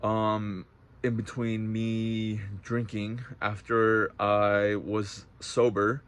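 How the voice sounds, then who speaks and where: A man's voice: lowish voice, level tone, very slow, smooth. Profane, agitated young man vlogging. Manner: profane, agitated, swings from loud outbursts to quiet reflection. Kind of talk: casual vlog monologue.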